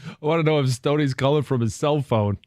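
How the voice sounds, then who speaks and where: A man co-hosting a sports radio show who laughs and chimes in with quick remarks. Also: medium pitch, a little mellow, no room sound, clean studio sound. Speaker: radio co-host. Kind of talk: casual radio banter. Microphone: studio microphone.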